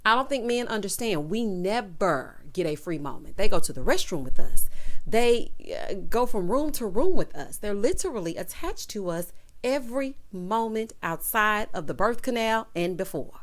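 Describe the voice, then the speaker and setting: A woman's voice: medium pitch, very animated, moderate pace. A woman giving a sassy, opinionated recap of a TV episode and talking straight to her viewers. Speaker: TV recap vlogger.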